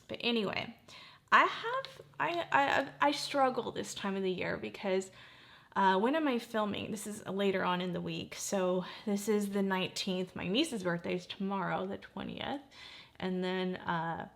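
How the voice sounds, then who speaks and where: A woman's voice: mid-range voice, unhurried, gravelly, a bit bright. A woman in her forties chatting casually while doing her makeup, easily sidetracked and close to tears at times. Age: 40s. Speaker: beauty vlogger.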